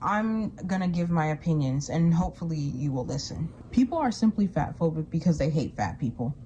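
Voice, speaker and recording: A woman hosting an opinion commentary video, speaking in a measured way. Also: low-pitched, animated, warm tone, highs cut off, a little hiss or hum. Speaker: commentary host.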